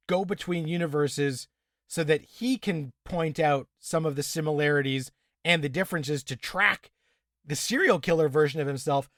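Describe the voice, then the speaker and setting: A man chats through a TV episode on his podcast and keeps slipping into the characters' lines as he retells scenes. His voice sits a little high, and the sound is dry and close to the mic. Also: no echo. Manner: animated recapping, acts out characters' lines. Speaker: podcast co-host. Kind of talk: casual TV episode discussion.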